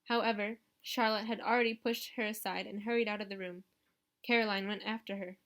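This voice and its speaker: Woman, audiobook narration, steady, first person. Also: medium pitch, brisk. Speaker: audiobook reader.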